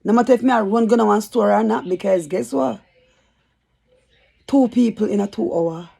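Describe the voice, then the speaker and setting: A woman's voice: on the high side, normal speed, gravelly, warm tone, husky. A woman telling a rambling, chatty story for her vlog. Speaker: YouTuber.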